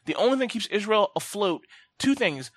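A man hosting a casual podcast chat, ranting bluntly and profanely, his pitch and loudness swinging sharply as he gets worked up. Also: expressive, brisk, no echo. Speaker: podcast host.

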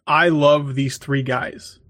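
A man's voice: medium pitch, fairly even intonation, slow, fairly bright tone, no echo, clean studio sound. A man chatting casually as co-host, giving short reactions. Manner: brief reactions, laughs along. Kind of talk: casual chat.

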